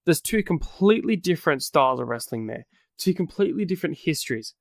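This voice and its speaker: An Australian man with a fairly high voice, recorded close and dry with no room sound. He co-hosts a casual recap show and talks in a loose, rambling way, fixing his own slips along the way. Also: animated, fast, vocal fry, no echo. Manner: rambling, corrects himself mid-sentence. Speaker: podcast co-host. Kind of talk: casual wrestling recap chat.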